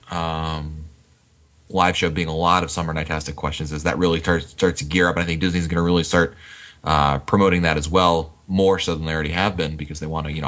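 A man's voice: sits low, a bit bright. A man hosting a live call-in podcast, greeting callers and chatting about trip planning. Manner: quick, upbeat, takes calls. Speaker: podcast host. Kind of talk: live call-in show chat.

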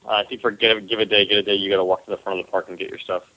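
A man's voice: on the low side, flat delivery, rapid-fire, bright, forceful tone, dry recording, poor audio. A man co-hosting a live call-in show, teasing callers and giving travel advice. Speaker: podcast co-host.

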